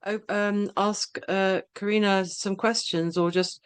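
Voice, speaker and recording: A woman's voice: medium pitch, fairly even intonation, measured pace, clear, resonant tone, dry recording. A woman hosting a podcast interview, agreeable and hesitant, with many fillers and restarts. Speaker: podcast host.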